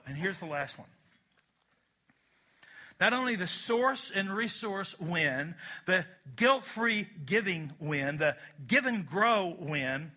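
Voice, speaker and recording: A middle-aged male pastor preaching with a high, sharply bright, tense voice. He drives his points home emphatically and keeps calling out to the congregation for a response, slipping in folksy jokes along the way. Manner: jokey, folksy asides. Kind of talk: sermon.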